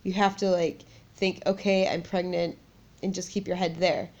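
A woman in her thirties co-hosting a podcast, telling a personal story in a lively way and laughing often. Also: fairly low pitch, normal speed, lo-fi sound. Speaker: podcast co-host. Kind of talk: casual chat.

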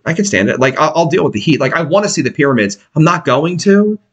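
A man's voice: on the high side, quick pace, lo-fi sound. A man co-hosting a casual, crude podcast, swearing often and jumping from topic to topic. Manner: animated, swears a lot, jumps between topics. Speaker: podcast co-host.

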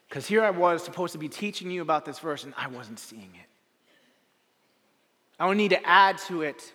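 A man preaching a sermon as a pastor, telling a story with dramatic swings from loud to hushed and repeating his phrases for effect. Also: high-pitched, lively intonation, normal speed. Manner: repetitive rhetorical phrasing. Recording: long reverb of a large hall.

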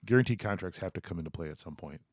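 A man's voice: sits low, rapid-fire, no echo, studio quality. A man co-hosting a casual sports talk show, loose and joking, often trailing off and restarting.

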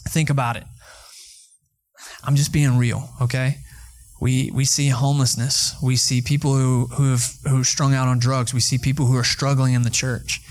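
A male pastor, preaching a conversational sermon and telling a story with lively asides to the congregation. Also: medium pitch, moderate pace.

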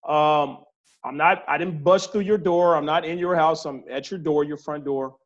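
A man's voice: on the high side, steady tone, moderate pace, muffled recording. A man hosting a casual talk show, blunt and profane, laying out hypotheticals to his co-hosts. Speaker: host. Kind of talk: casual podcast chat.

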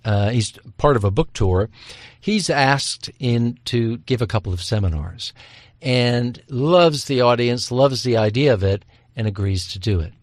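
A man answering an interview question, explaining historical events in a measured, explanatory way. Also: medium pitch, no room sound.

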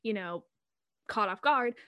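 A young woman co-hosting a podcast in casual chat, animated and laughing, acting out her own reactions. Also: mid-range voice, measured pace, no echo. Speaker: podcast co-host.

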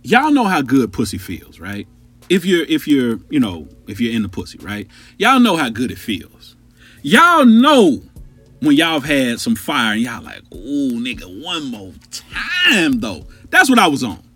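A man in his thirties telling a long personal story on a podcast, profane and animated, talking straight to his listeners. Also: medium pitch, normal speed, breathy edge, faint music behind. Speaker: podcast host.

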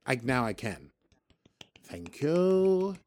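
A man's voice: mid-range voice, sing-song, very slow, a little mellow. A man hosting a podcast, casually recapping a TV episode in a rambling, joking way, often correcting himself. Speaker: podcast host.

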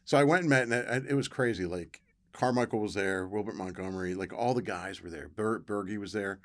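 Speaking briskly in a lowish voice, a middle-aged former football player shares his story as a guest in a casual interview. He acts out the voices he quotes, with bursts of excitement.

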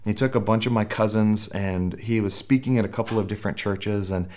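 Low-voiced man preaching conversationally. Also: brisk, a little mellow. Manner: conversational preaching with restarts and acted quotes. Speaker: pastor. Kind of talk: sermon.

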